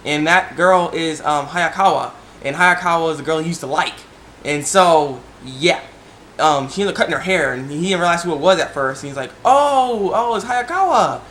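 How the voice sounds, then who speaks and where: An excitable young man talks through an anime episode in a casual, rambling way, full of fillers and restarts. His voice sits a little high. A faint hiss runs under the recording. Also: fairly quick. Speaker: anime reviewer. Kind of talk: casual video review.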